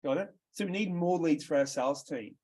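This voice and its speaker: A man's voice: on the high side, brisk, darkish tone. A man with an Australian accent coaching a sales workshop, direct and quizzing his group as he goes. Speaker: sales trainer.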